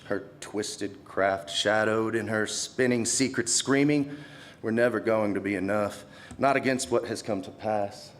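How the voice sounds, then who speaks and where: A man's voice: lowish voice, unhurried. A young man, a student poet, reading his poems aloud at a live reading, casual between pieces and swelling dramatically as he recites.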